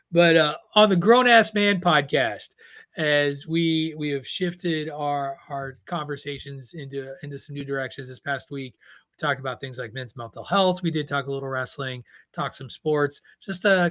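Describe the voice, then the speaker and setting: A middle-aged man hosting a podcast, telling stories in casual, animated chat and rambling with restarts. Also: a little high, moderate pace. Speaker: podcast host.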